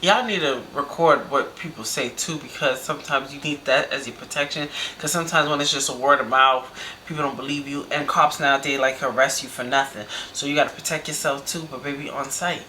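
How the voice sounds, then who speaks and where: A woman reacting to a video in casual commentary, animated and slangy, talking back at the screen. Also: rumbling low, brisk, a little hiss or hum.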